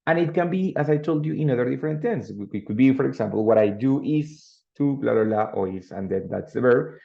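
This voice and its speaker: A man's voice: mid-range voice, lively intonation, fairly quick, gravelly, mellow. A man teaching an English grammar lesson, explaining patiently and checking in with students with "no?" and "ready?". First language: Spanish. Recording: dull lo-fi sound.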